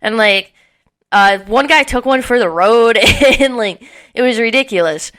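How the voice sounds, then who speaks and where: A young woman with a highish, unhurried voice co-hosts a podcast, chatting casually through a lengthy story about a party. She tells it with animation, uses swear words freely and plays out people's lines.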